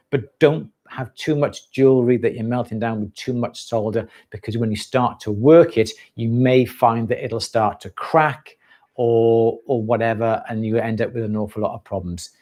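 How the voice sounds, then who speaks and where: A man hosting a live jewellery stream, answering questions at an easy, practical pace. He explains step by step, restarting sentences and filling pauses as he goes. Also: medium pitch. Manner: relaxed, explanatory, with fillers and restarts.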